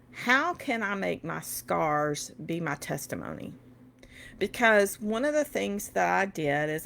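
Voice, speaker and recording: Emotional, gravelly-voiced middle-aged woman. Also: fairly low pitch, a bit bright. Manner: emotional, preachy. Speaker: host and educator. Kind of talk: heartfelt personal talk to viewers.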